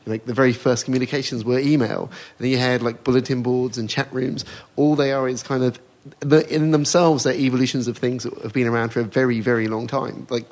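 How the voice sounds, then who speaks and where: A man's voice: medium pitch, fairly even intonation, a little mellow. A man speaking on a conference panel, leaning on the word "like" as a filler. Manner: rapid, filler-heavy with repeated "like". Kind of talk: panel discussion.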